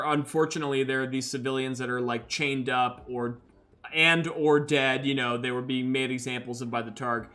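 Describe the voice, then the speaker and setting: A man's voice: medium pitch, fairly bright tone. A man hosting and narrating a solo tabletop role-playing game in a loose, chatty way, full of fillers, who laughs at his own dice rolls. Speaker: game master and host.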